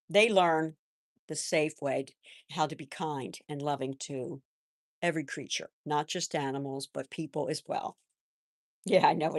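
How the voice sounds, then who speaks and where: An older woman hosting a live stream, chatting in a gentle, rambling way and answering viewers' comments. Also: low voice, dry recording, clean studio sound. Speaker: livestream host. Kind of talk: casual live-chat talk.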